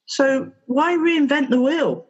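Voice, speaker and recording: A woman therapist being interviewed on a podcast, telling stories with lively, animated delivery and acting out her exchanges with children. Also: high-pitched, slow, muffled recording. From England. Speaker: therapist guest.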